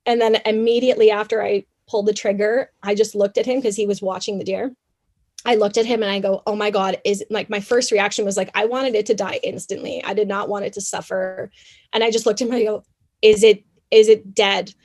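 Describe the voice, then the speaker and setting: A young adult woman from Canada, a podcast guest telling a story in an animated, chatty way with many fillers. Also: medium pitch, fast. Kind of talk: casual interview storytelling.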